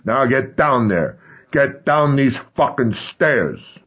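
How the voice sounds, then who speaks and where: A furious stepfather roars his threats slowly and heavily, as a male audiobook reader puts him on. The voice is husky, sits a little above the narrator's low tone, and comes through a dull, muffled recording. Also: sing-song, heavily acted. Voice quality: slow, shouting, coarse. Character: brutal, raging stepfather, adult man. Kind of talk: audiobook character reading.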